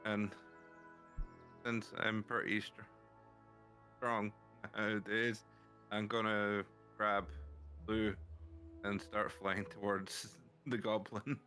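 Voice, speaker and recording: A man's voice: on the low side, flat delivery, takes it slowly, pauses often, sharp tone, faint music behind. A man playing a tabletop game on an online voice call, stop-start and hesitant, chuckling as he explains his moves. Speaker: player.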